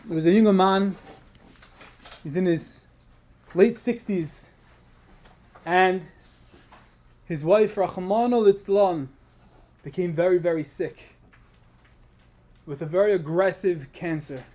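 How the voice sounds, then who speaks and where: A man with a high-pitched voice delivers a sermon as a storyteller. He builds his tale with passion, weaving Yiddish and Hebrew words into his English. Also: slow, pauses often. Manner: builds to loud impassioned storytelling, Yiddish and Hebrew terms woven in. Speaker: rabbi giving a Tisha B'Av talk.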